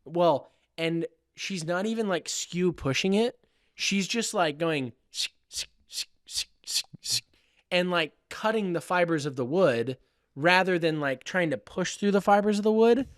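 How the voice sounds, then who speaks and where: A man's voice: sits high, unhurried, no room sound, studio quality. A young man, a woodworking student, animatedly telling a story in a casual podcast chat and laughing often between sentences.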